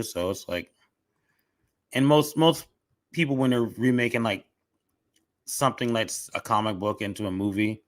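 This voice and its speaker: A man's voice: medium pitch, fairly quick, pauses often, dry recording. A man chatting casually on a podcast, opinionated and restarting often, with a cough drop in his mouth. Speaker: podcast guest. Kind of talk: casual chat.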